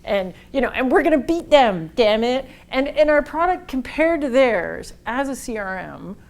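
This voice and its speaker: A woman giving a marketing workshop talk, telling a lively, blunt story and acting out the dialogue. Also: sits high, moderate pace. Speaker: workshop speaker.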